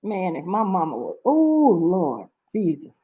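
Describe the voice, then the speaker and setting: A woman's voice: on the low side, wildly swooping pitch, unhurried, dark tone, husky, dull audio. A middle-aged woman from Seattle telling stories to camera in a casual vlog, talking emphatically and repeating herself. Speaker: vlogger.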